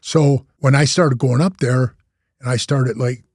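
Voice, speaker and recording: Older male interview guest, rambling storyteller, husky and mellow, dry sound. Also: medium pitch, fairly even intonation, unhurried, dry recording. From Wisconsin. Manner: rambling, slangy, says "bro" and "man" a lot. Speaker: interview guest, former biker club president. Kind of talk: casual storytelling.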